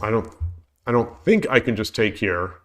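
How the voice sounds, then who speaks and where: A man's voice: fairly low pitch, lively intonation, normal speed. A man with a head cold and a congested voice, streaming live and thinking aloud as he works through board-game puzzles in a hesitant, self-correcting mutter. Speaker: shogi streamer.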